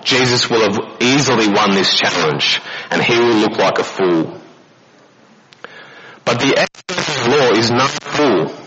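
Man preaching, lo-fi recording. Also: lowish voice. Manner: animated storytelling with rhetorical questions. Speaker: pastor. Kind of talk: sermon. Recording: dull lo-fi recording with noise.

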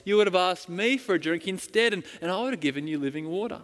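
A preacher speaking as a calm male teacher, earnest and gently inviting. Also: high voice, fast, voice pushed up. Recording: long hall reverb.

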